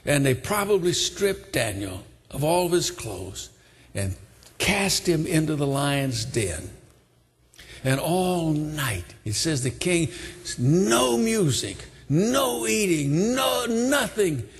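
An older man preaching a sermon, retelling a story with dramatic swings from hushed tones to shouting. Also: fairly high pitch, very animated, slow pace, breathy edge. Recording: long hall reverb.

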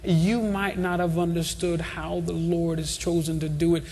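A man's voice: a little high, little pitch movement, moderate pace, a little mellow, husky. Male preacher, impassioned sermon, raised voice, long reverb, church hall. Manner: impassioned, repetitive preaching cadence.

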